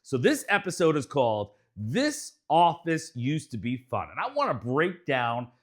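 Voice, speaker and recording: A man's voice: fairly high pitch, wildly swooping pitch, measured pace. A middle-aged man hosting a podcast in casual chat, playful and jokey with teasing banter. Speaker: podcast host.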